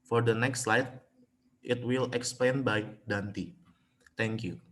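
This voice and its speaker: A young man with an Indonesian accent giving a student class presentation, halting and restarting mid-word. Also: medium pitch, steady tone, a little hiss or hum. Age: young adult.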